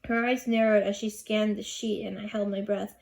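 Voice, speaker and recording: A woman narrating a children's novel aloud in a steady, expressive reading. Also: mid-range voice, moderate pace, vocal fry. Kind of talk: storybook narration.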